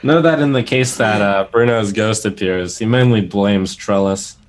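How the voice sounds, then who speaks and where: A man's voice: lowish voice, normal speed. A man playing a tabletop role-playing game, recapping the last session with a joking, mock-indignant manner. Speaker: player.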